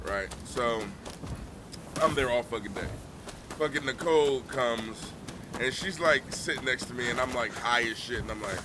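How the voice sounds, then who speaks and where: Animated profane man telling stories. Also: medium pitch, normal speed, background noise. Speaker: streamer. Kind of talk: casual storytelling.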